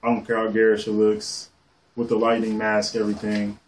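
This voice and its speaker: Man, comic collector, excitable, rambling, casual swearing, camera mic at home. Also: on the low side, brisk, slight background noise. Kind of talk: casual show-and-tell.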